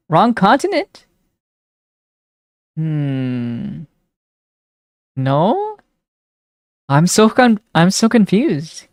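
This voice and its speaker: A young woman live streamer chatting casually with her viewers, reading their messages aloud and reacting excitedly. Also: sits low, extremely slow, long pauses, no echo, studio quality. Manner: chatty, reads chat aloud and answers it, excitable.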